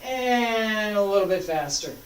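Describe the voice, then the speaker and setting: A woman's voice: mid-range voice, animated, measured pace. A woman martial arts instructor talking a class through moves, patiently cueing each step as she demonstrates. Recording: roomy sound, mic far off.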